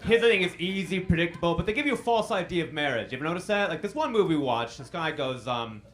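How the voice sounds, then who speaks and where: A man's voice: fairly high pitch, animated, fast talker, a bit bright. A man in his thirties doing a stand-up comedy set on a club stage, self-deprecating, with dry punchlines delivered to the crowd.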